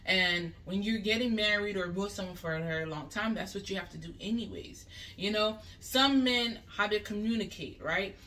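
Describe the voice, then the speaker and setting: A woman's voice: medium pitch, moderate pace, sharp tone. A woman vlogger giving relationship advice in a casual, chatty way, often checking in with "you know what I mean" as she talks it through. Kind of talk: casual advice talk to camera. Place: bathroom. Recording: voice a bit far from the mic.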